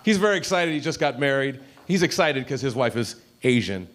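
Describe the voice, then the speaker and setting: A man from Ohio doing a stand-up comedy set, punchy and animated, with asides to the crowd. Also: mid-range voice, fairly quick. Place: comedy club stage, audience laughing. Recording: live club recording with audience noise.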